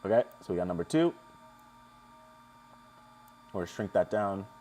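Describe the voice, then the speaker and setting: A young man hosting a live stream, his voice sitting a little low. He talks viewers through the steps in a loose, chatty way, cracking jokes and answering the chat as he goes. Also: animated, normal speed, warm tone, slight background noise. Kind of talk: casual live tutorial.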